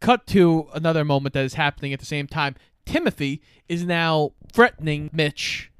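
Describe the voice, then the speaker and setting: A man's voice: fairly high pitch, moderate pace, smooth, dry recording. A man co-hosting a podcast, steadily summarizing a movie plot with dry asides. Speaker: podcast co-host. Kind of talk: casual movie recap chat.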